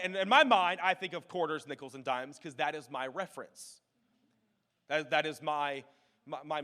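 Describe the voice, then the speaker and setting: A man in his thirties from the United States, preaching a sermon and telling stories with animated, emphatic delivery. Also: high voice. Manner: animated storytelling, rising loud for emphasis. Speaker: pastor. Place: church sanctuary. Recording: long hall reverb with faint music.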